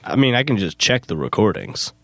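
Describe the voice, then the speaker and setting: A man with a fairly low voice tells ridiculous stories with a straight face on a comedy podcast. His delivery is deadpan and unbothered. The recording is dry and close, with no room sound. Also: a little fast, gravelly, no room sound. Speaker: podcast co-host.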